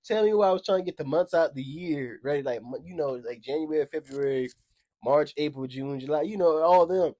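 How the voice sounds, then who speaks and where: A young man in casual chat, telling childhood stories in an animated way, laughing often and acting out quoted voices. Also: on the high side, fairly quick. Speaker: storyteller.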